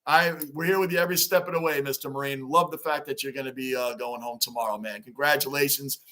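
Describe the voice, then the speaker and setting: A man's voice: medium pitch, steady tone, quick pace, sharp tone. A man hosting a sports livestream, chatting casually and animatedly with viewers by name. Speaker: livestream host.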